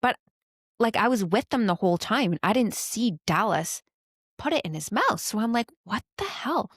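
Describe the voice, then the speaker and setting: Brief: woman in her thirties, podcast co-host, animated storyteller, mid-pitched voice, close dry recording. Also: moderate pace, no echo. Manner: lively storytelling, laughing often. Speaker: mother. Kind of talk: casual chat.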